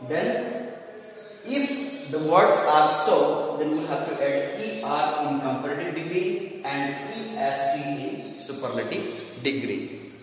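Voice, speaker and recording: A male English teacher giving a grammar lesson, slowly repeating words, spelling out letters and counting syllables aloud. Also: fairly high pitch, expressive. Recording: echoey room from far off with faint hum.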